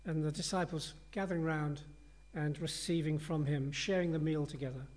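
Guy preaching a sermon, chatty and earnest, bit higher voice than usual for a man. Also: steady tone, normal speed, darkish tone. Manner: conversational, earnest and reflective.

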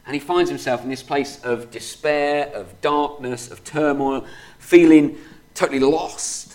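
A man's voice: a little high, a little slow, darkish tone. A man preaching a sermon in a conversational way, reading scripture aloud and filling his talk with "kind of" and "you know". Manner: reads scripture aloud steadily.

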